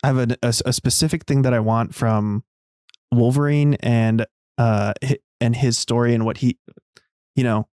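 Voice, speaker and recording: A man's voice: mid-range voice, steady tone, moderate pace, darkish tone, no room sound, studio quality. A man hosting a casual talk show, rambling with fillers and restarts. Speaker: podcast host. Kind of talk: casual chat.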